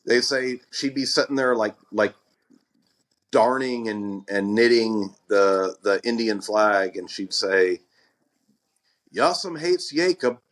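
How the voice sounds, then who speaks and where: Rambling low-voiced man telling a story. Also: fairly even intonation. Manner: rambling, halting, repeats words. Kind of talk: deadpan improvised comedy chat.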